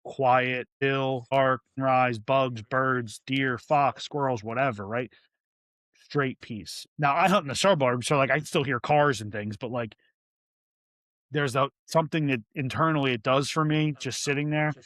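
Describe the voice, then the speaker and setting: A man's voice: medium pitch, unhurried, a bit bright, dry recording, studio quality. A man guest on a podcast, talking candidly and earnestly, with restarts and many fillers. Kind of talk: candid interview talk.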